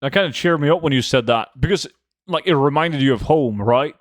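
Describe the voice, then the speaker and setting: A man's voice: fairly high pitch, a little fast. A man streaming a game, chatting casually with viewers, joking, swearing freely and humming to himself between remarks. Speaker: gold-farming game streamer. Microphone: desk microphone.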